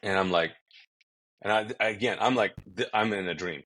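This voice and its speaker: Pastor guest from Kuwait, man with a very deep voice, vivid storyteller who restarts his sentences often. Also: moderate pace, a bit bright. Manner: vivid storytelling with acted-out quotes and frequent restarts. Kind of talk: conversational testimony storytelling.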